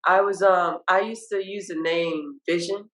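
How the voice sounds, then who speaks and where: A woman's voice: on the low side, measured pace, poor audio. Woman from virginia, rapper on a podcast, laid back and candid, swears casually, lots of ums. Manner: relaxed, candid, swears casually, hesitant with fillers. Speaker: rapper guest.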